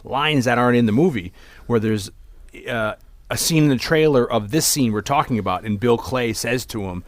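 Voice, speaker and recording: A man's voice: mid-range voice, normal speed, no room sound. Rambling man on a dry podcast mic. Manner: rambling, animated, many restarts. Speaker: podcast co-host. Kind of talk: casual movie discussion.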